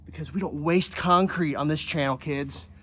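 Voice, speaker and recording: Blunt, joking builder on a job site. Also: male voice, fairly high pitch, steady tone, moderate pace, fairly bright tone. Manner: blunt, joking, swears freely. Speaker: home builder. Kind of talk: casual how-to vlog. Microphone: handheld camera, some of it filmed one-handed by himself.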